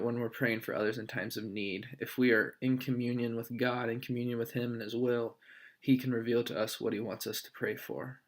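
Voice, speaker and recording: A young man, a student, recording a discussion post in a thoughtful, halting way with many fillers. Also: mid-range voice, fairly bright tone.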